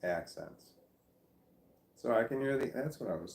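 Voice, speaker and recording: A man's voice: medium pitch, big pitch swings, normal speed, vocal fry, long pauses, darkish tone, echoey room, a little hiss or hum. A Midwestern American man vlogging in a rambling, self-deprecating monologue that keeps losing its thread. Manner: meandering, self-deprecating, loses his train of thought. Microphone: phone or camera nearby.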